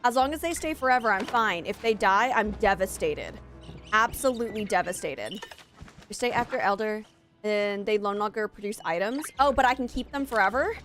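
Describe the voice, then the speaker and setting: A woman live-streaming a cozy game, talking excitedly to her chat and game animals over a headset. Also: medium pitch, normal speed, soft background music. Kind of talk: casual live-stream chat while gaming.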